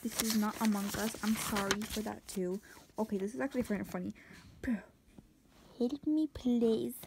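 A woman's voice: medium pitch, fairly even intonation, brisk, creaky, noisy background. A young woman vlogger in casual commentary, exclaiming and dropping into whispered asides.

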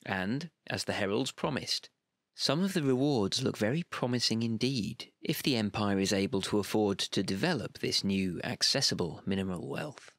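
A man narrating scripted game lore in a steady, measured reading voice. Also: fairly low pitch, no room sound, studio quality.

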